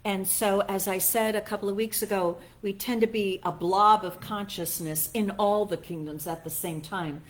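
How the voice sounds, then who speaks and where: A middle-aged woman preaching in a relaxed, conversational way. She talks like she's chatting with friends, slips into quick impressions of other people, and laughs at herself along the way. Her voice sits at an ordinary, middle pitch. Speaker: minister. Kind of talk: conversational sermon with personal stories.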